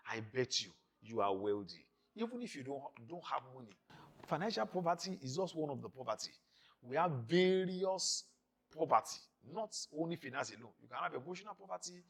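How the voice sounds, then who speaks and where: A man, a pastor preaching a sermon on marriage in an emphatic, repetitive style with rising and falling loudness. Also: a little high, expressive, fairly quick, vocal fry.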